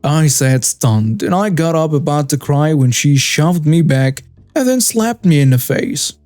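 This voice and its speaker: Dark-voiced male story narrator. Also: a little high, lively intonation, measured pace, no echo, faint music behind. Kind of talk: scripted narration.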